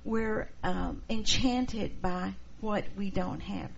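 Gravelly woman teaching a church class. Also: mid-range voice, slow. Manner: expressive, acts out quoted people. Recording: dull lo-fi recording, faint noise.

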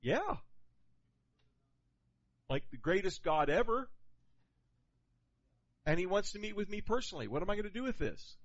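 A man preaching a sermon in an animated, conversational way, asking the congregation questions. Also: high voice, moderate pace, pauses often. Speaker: pastor. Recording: dull lo-fi sound.

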